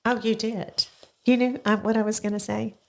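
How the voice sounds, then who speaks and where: An older woman hosting a podcast, chatting with a child and coaxing him along with slow, gentle questions. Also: a little high, little pitch movement, creaky. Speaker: podcast host interviewing her grandson. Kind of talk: casual interview chat. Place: small home podcast studio.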